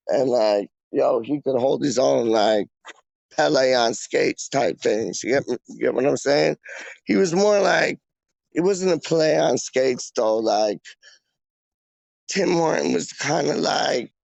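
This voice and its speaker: Young man, gravelly, fairly high voice, loose slangy livestream chatter, dry dull phone mic. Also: dry recording. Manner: slangy, rambling, drops fillers like "man" and "dog". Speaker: streamer. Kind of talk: casual street livestream.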